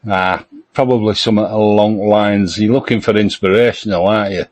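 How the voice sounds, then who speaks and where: A man co-hosting a podcast, talking in a measured, thoughtful way. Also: fairly low pitch, steady tone, darkish tone. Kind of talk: casual chat.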